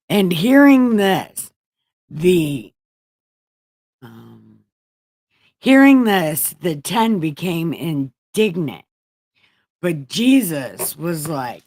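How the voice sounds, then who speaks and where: Woman streamer reading scripture all casual and cussing, low voice, slow, dry sound. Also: sing-song, a little mellow, no echo. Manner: profane, wisecracking paraphrase. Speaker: livestream host. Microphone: home streaming setup.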